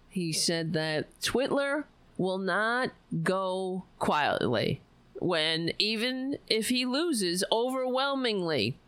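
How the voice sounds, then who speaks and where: Slow, profane woman ranting. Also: on the low side, a bit bright, smooth, dry recording. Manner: profane, exasperated, sarcastic. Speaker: livestream host. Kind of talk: casual political rant.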